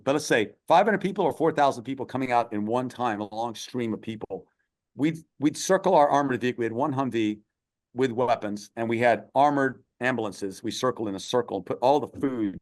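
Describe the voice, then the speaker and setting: Middle-aged guy on a podcast, earnest and emphatic, tells his story like he's reliving it, mid pitch. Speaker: podcast guest. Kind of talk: storytelling interview.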